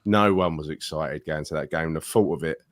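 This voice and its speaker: A man's voice: very deep voice, a little fast. A man in a casual podcast chat, emphatic, blunt and swearing.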